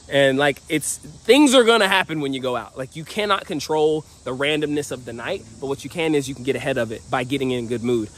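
A young man in his twenties telling a night-out story to camera in a casual, energetic, slangy way, full of "like" and "yo". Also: mid-range voice. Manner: energetic, slangy, heavy use of "like". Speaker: dating vlogger.

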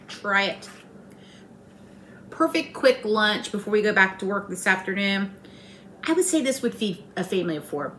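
A woman's voice: mid-range voice, animated, moderate pace, sharp tone, slight background noise. A middle-aged woman, hosting a casual home cooking demonstration in a chatty, folksy, teasing way. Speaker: home cooking channel host. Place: home kitchen.

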